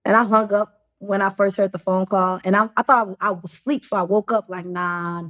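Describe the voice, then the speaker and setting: Young woman telling a story with halting fillers. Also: mid-range voice, steady tone, fairly bright tone. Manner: halting, many fillers and restarts. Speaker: podcast guest. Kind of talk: casual storytelling chat.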